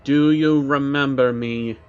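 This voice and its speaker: A man putting on a deep gravelly demon. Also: lightly acted. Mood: menacing. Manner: slow, calm and taunting. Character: deep mocking male demon in a soldier's helmet. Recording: dull recording with background music.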